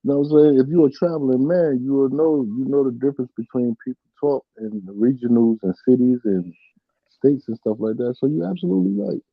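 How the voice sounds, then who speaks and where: A man's voice: mid-range voice, brisk, dry recording. Laid-back guy on a podcast agreeing a lot, bit muffled, dry sound. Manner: agreeable, lots of affirming interjections. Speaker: podcast co-host. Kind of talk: casual chat. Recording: slightly muffled dry recording.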